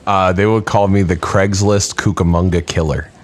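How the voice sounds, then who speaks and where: A man co-hosting a comedy podcast, rambling through absurd improvised bits in a deadpan way. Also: low voice, moderate pace. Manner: absurd deadpan rambling with bursts of silly voices. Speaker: podcast co-host.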